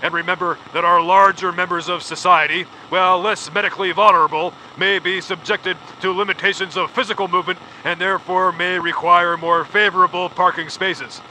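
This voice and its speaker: A man's voice: sits high, level tone, brisk, hardly any pauses, pushed and bright, a little hiss or hum, poor audio. A man playing a pompous, rotund male talk-radio host who takes calls in long-winded formal phrasing.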